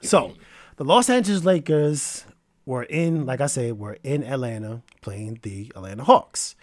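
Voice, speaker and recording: A man hosting a podcast, telling a story in a casual, animated and preachy way. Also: medium pitch, a little slow, no room sound, clean studio sound. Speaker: podcast host.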